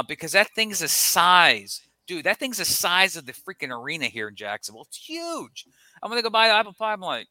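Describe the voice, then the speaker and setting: A man's voice: on the high side, dry recording. A man co-hosting a sports podcast, chatting casually and acting out his family's lines as he tells a story. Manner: animated storyteller, acts out family members' lines. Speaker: podcast co-host. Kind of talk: casual chat.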